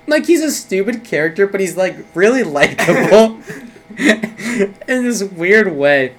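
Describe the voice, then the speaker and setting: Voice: mid-range voice, very animated, slow pace. A speaker casually retelling a movie plot in a rambling, filler-heavy way, often laughing. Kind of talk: casual movie recap chat.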